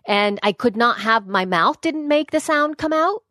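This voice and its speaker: A woman's voice: on the high side, animated, normal speed, hardly any pauses, pushed and bright, dry recording, clean studio sound. A woman co-hosting a podcast in casual chat, rambling and self-deprecating with lots of fillers. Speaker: podcast co-host.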